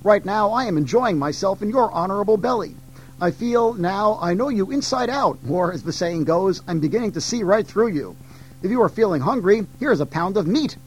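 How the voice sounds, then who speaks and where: A man's voice: sits high, animated, a little fast, soft background music, voice pushed up, low-quality recording. A man voicing a boastful, cheeky male monkey trickster who teases and gloats. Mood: teasing. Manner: teasing, smug and playful.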